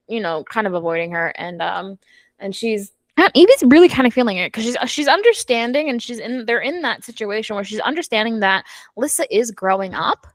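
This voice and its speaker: A woman's voice: fairly high pitch, no room sound. A woman co-hosting a book club, animatedly retelling the story and acting out the characters' lines. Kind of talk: casual chat recapping a novel.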